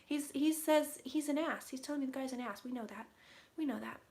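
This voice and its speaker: A woman giving a casual psychic reading, relaying what she hears in quick quotes and swearing casually. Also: high-pitched, darkish tone. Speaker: psychic reader. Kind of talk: casual intuitive reading to camera.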